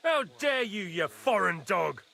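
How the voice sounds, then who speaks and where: A man's voice: a little high, animated, normal speed, sharp tone, slight background noise. An actor playing a hot-tempered noble knight who barks and swears at the people in his camp. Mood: angry. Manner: angry, barking, foul-mouthed. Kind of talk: video game dialogue.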